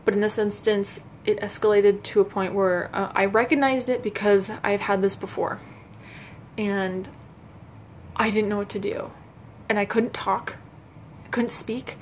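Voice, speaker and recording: A young adult woman vlogging to camera, telling a personal story in a halting, self-conscious way with frequent restarts. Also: medium pitch, steady tone, a little hiss or hum.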